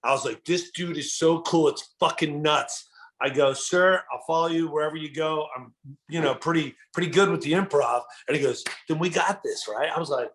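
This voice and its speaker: Animated man telling a story. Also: on the high side, fairly quick. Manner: animated, enthusiastic, says dude a lot. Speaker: guest comedian. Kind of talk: casual storytelling chat.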